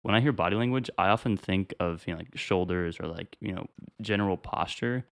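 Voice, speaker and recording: A young man co-hosting a podcast, thinking aloud in a quick, reflective way. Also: low voice, vocal fry, dry recording, studio quality. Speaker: podcast co-host. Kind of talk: casual chat.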